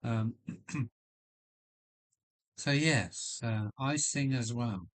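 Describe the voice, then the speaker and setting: A man with a deep voice hosting a casual live stream from his loft, rambling with many fillers and restarts while chatting with viewers. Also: extremely slow. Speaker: livestream host. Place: home loft.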